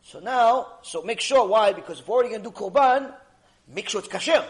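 A man, a rabbi, teaching a Torah lecture, retelling the story dramatically with sudden loud and soft swings and Hebrew religious terms. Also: very high voice, animated, quick pace.

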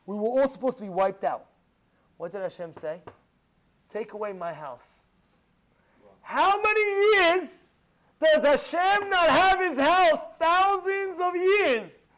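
High-voiced, animated rabbi giving a sermon. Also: male voice, measured pace. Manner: animated, swings from hushed storytelling to loud outbursts.

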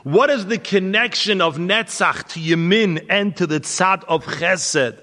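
A man's voice: high-pitched, measured pace, bright, forceful tone. A man, a rabbi, giving a spoken lecture, telling stories as a teacher and pressing earnest questions. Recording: long hall reverb.

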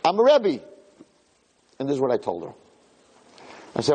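A man, a rabbi, giving a lecture as an animated storyteller who acts out voices. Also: medium pitch, a little fast, pauses often, husky.

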